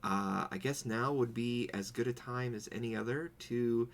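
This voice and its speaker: A podcast co-host chats casually from a home streaming setup, telling stories and slipping into goofy put-on voices for quotes. His voice is medium in pitch and he talks at a normal speed.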